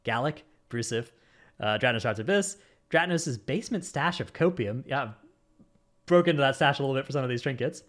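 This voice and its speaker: Male podcast host, mid-pitched, casual gaming banter, jokey name read-outs. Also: lively intonation, a little fast, fairly bright tone. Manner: rattles off lists of supporter names with jokes.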